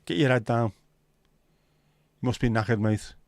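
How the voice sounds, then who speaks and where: A middle-aged man chats on his home livestream, reading out viewers' comments with loose, sweary banter. His voice sits at an ordinary pitch and sounds dry and close, with little room echo. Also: moderate pace, darkish tone. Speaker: livestream host. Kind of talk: casual livestream chat. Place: at home, window nearby.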